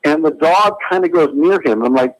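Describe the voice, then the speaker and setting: Excitable male caller on a phone line. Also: a little high, normal speed. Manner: excitable, acts out quotes. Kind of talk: animated phone-in storytelling. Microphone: telephone.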